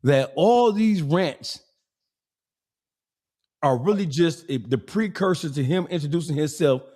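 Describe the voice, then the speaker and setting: Animated gossip host acting out scenes. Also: male voice, fairly high pitch, unhurried. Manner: animated, acts out scenes, asks probing questions. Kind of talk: casual gossip chat.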